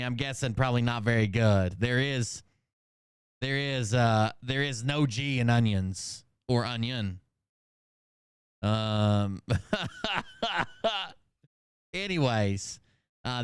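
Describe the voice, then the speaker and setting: A man's voice: lowish voice, clear, resonant tone, dry recording, clean studio sound. A man in his thirties with a Southern US accent, hosting a livestream in casual, rambling commentary full of jokes and swearing. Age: 30s. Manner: rambling, joking, heavy swearing. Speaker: livestream host.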